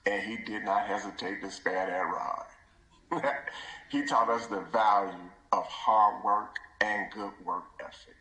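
Son delivering a funeral tribute in a church; low, bright voice that keeps breaking into a near whisper; echoey room. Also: male voice, slow.

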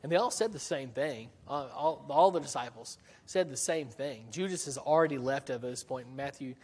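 Conversational preacher in a reverberant church. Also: male voice, mid-range voice, normal speed, a little mellow, husky. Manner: conversational, with frequent restarts and rhetorical questions. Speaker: pastor. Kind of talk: sermon.

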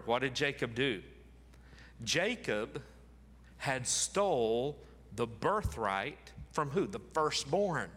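A man's voice: medium pitch, sharp tone, big-room sound. A man preaching a sermon, reading scripture aloud dramatically and repeating phrases for emphasis. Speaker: pastor.

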